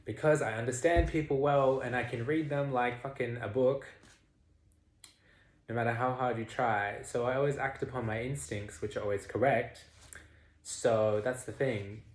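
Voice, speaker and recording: A young man vlogging a candid confessional monologue, swearing freely and swinging between murmurs and loud outbursts. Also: mid-range voice, fairly even intonation, moderate pace.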